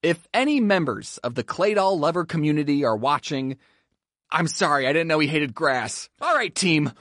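Animated, high-voiced man narrating gameplay. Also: normal speed, no room sound. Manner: playful, jokey, talks to his game characters. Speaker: gaming YouTuber.

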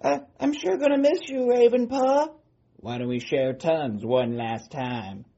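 A man's voice: a little high, measured pace, dark tone, highs cut off. A man voicing a young male warrior cat who is mock-tender and overly sweet.

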